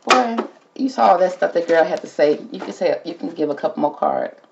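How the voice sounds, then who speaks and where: A woman's voice: fairly low pitch, lively intonation, a little fast, gravelly, muffled recording, noisy background. A woman hosting a casual tarot reading, talking to the cards and calling everyone "girl". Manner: chatty, talks to the cards and calls everyone girl. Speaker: tarot reader host.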